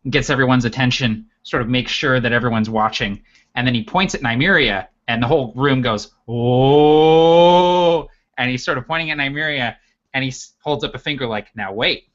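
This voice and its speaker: A man narrates his character's antics in a tabletop game, hedging with "sort of" at every turn. His voice is mid-pitched. The recording is dull and muffled. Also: sharp tone. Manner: hesitant, hedging with kind of and sort of. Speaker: player.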